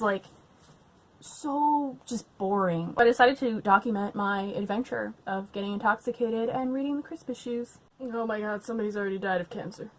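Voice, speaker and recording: Tipsy, sweary young woman ranting. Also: a little high. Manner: sweary, ranting, laughing, loud outbursts. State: tipsy from wine. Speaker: book vlogger. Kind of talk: casual drunk reading vlog. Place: at home.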